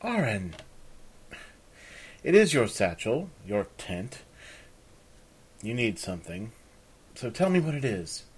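A man voicing Chandra, a fiery young woman who speaks sharply and demands answers, in a husky reading voice. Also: mid-range voice, sing-song, takes it slowly, pauses often, exaggerated voice. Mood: indignant.

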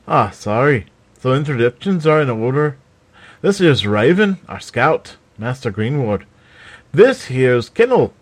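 A man's voice: medium pitch, big pitch swings, unhurried. A man voicing an easygoing, folksy male sergeant in a storybook reading. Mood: friendly.

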